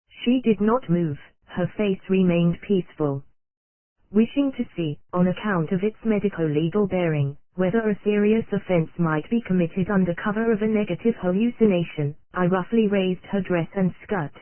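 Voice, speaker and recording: An audiobook narrator reading an old psychology text aloud in a steady, even manner. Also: mid-range voice, moderate pace, no room sound. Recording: tinny phone-like dry sound.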